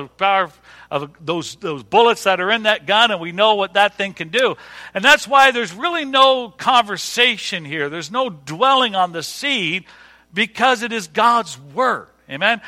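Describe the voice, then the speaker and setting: A man's voice: sits high, sharp tone. A middle-aged male pastor preaching a sermon in a folksy way, repeating words and using dry humor. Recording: long hall reverb.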